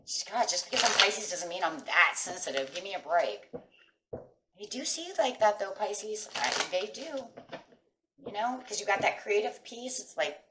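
Amid background noise and room echo, a middle-aged woman with an animated mid-range voice gives a chatty tarot reading at normal speed. She's off-mic and distant, addressing viewers emphatically and often asking "right?"

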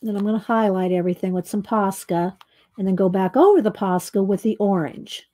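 A woman's voice: medium pitch, brisk, mellow. A woman hosting a coloring livestream, chatting casually and murmuring to herself as she works.

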